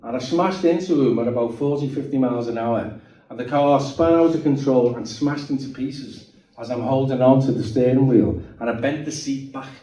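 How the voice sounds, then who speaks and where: A middle-aged man tells his testimony in a very dark, mellow voice. He talks to the room in a chatty way and keeps checking that his listeners are with him. His voice comes from a distance across an echoing hall, and the sound is dull. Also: mid-range voice. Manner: chatty, checks in with the audience, frequent restarts. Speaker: guest speaker giving a testimony. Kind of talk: personal testimony storytelling. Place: meeting hall.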